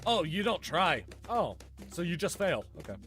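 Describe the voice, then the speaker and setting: Guy streaming a game, jokey and sarcastic, voice bounces all over, kinda bright, game music faint behind. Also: sits high, big pitch swings, normal speed. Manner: joking, sarcastic, talks to chat while playing. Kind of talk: casual gaming stream chat.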